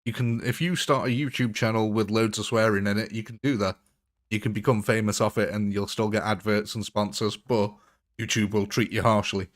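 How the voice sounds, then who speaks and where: Chatty low-voiced man live-streaming a game. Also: steady tone, fairly quick. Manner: chatty, laughs often, answers viewers' chat. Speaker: gaming livestreamer. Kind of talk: casual live-stream chat.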